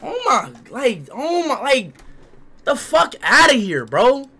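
Young male streamer, loud and excitable, slangy shouted reactions, lively swings. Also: very high-pitched, slow, slightly rough. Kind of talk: loud reactive livestream commentary.

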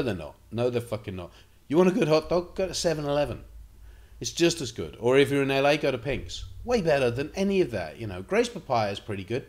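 A man vlogging, telling rambling and profane anecdotes in a casual storytelling style. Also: medium pitch.

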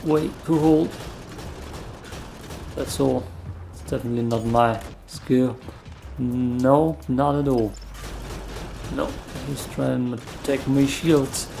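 A man's voice: mid-range voice, steady tone, slow, vocal fry, pauses often, dark tone, slight background noise. A man giving casual, self-deprecating play-by-play commentary while playing a shooter game. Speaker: gamer. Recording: faint music underneath.

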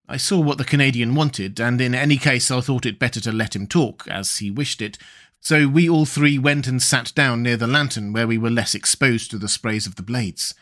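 A medium-pitched man serves as the audiobook reader for a classic adventure novel. He reads the scripted text in a steady, measured way.

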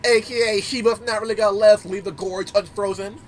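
A man's voice: high-pitched, steady tone, quick pace, slight background noise. A man giving casual gameplay commentary, telling stories animatedly, swearing and laughing often. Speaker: gaming YouTuber.

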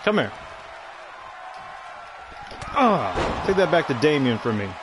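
A young man streams a wrestling video game, cursing and trash-talking as he plays. His voice sits a touch high for a man. Loud game sound effects play behind him. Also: big pitch swings, takes it slowly, background noise. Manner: profane, frustrated trash talk at the game. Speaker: gameplay streamer. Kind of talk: game commentary.

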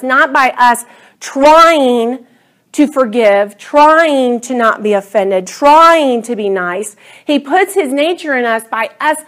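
A middle-aged woman teaching a class Bible study, earnest and enthusiastic, often drawing her words out. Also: a little high.

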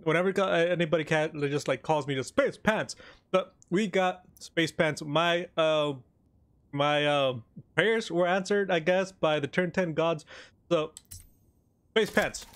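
A man giving casual, joking gameplay commentary, excitable and sometimes talking with his mouth full of cookie. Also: on the high side, a little slow. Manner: excitable, joking, talks while eating. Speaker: gaming YouTuber.

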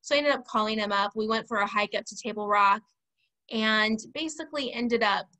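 A woman's voice: on the high side, fairly quick, sharp tone. A woman telling her personal testimony as an interview guest, chatty and candid. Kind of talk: casual testimony storytelling.

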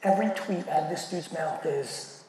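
A man giving a keynote talk, telling a story in an animated, profane way and acting out the quoted dialogue. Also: fairly high pitch, moderate pace. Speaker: keynote speaker. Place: large event hall. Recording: echoey hall with faint noise.

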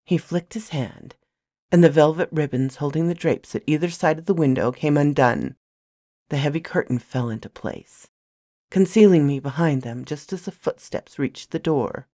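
A woman narrating a novel in the first person with a soft, hushed delivery on a close mic. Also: deep voice, normal speed, no echo. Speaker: storyteller.

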